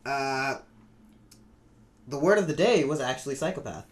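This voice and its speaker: A man's voice: mid-range voice, moderate pace. A young man hosting a podcast, recapping wrestling shows in casual, profane, joking chat. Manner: profane, joking, animated storyteller.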